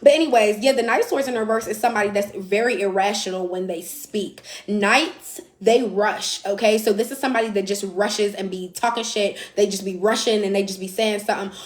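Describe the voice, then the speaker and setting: A woman's voice: medium pitch, fairly even intonation, fast, few pauses, reverberant. A woman giving a casual, blunt live tarot reading, chatty and swearing now and then. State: out of breath. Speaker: tarot reader.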